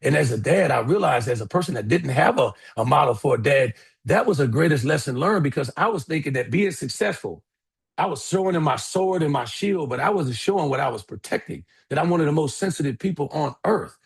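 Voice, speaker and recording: A middle-aged man telling a story in a keynote talk, animated and acting out the people in it. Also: fairly high pitch, brisk, creaky, husky. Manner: animated storyteller, acts out voices, addresses audience as y'all. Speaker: keynote speaker.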